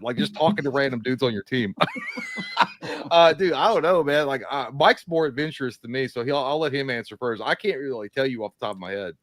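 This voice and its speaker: A man's voice: medium pitch, brisk. A man co-hosting a casual livestream, telling crude stories in a profane, stumbling way. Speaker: co-host.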